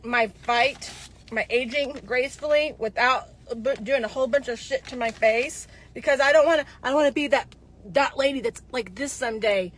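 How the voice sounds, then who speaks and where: A woman's voice: high-pitched, moderate pace. Chatty, rambling woman in her fifties. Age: 50s. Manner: rambling and chatty, with digressions and restarts. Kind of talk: casual monologue to viewers.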